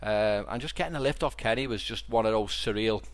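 A man's voice: on the low side, brisk. A middle-aged man with a Liverpool accent, hosting a podcast and telling stories in a rambling, casual way with many restarts. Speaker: podcast host. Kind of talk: casual chat.

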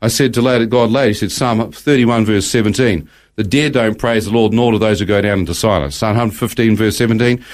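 Low-voiced man telling his testimony. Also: fairly quick. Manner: re-enacts his own inner thoughts as dialogue; quotes scripture verse by verse. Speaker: guest. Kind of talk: conversational testimony storytelling.

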